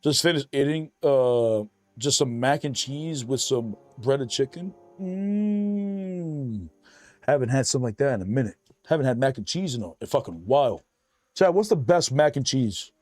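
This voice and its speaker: A man's voice: medium pitch, expressive, moderate pace, a little mellow, faint music behind. A man streaming a game, chatting casually and profanely while reading his chat aloud.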